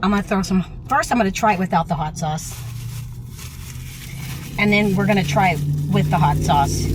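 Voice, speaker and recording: A woman's voice: mid-range voice, noisy background. A woman chatting enthusiastically in a travel vlog, recorded on a handheld phone in a parked car. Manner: enthusiastic, gushing. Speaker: travel vlogger. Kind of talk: casual vlog chat. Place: parked car in a parking lot.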